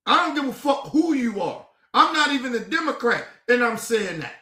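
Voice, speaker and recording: Streamer, male, high and bright-voiced, heated rants with shouted bursts, roomy sound. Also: very animated, moderate pace. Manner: profane, exasperated ranting, rising to shouts. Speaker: political commentary streamer. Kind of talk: casual heated commentary.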